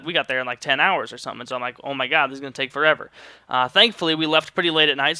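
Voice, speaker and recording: A man's voice: medium pitch, bright, forceful tone, clean tone, no room sound. A young man from St. Louis, Missouri, telling a rambling, joking story in casual vlog style and swearing freely. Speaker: vlogger.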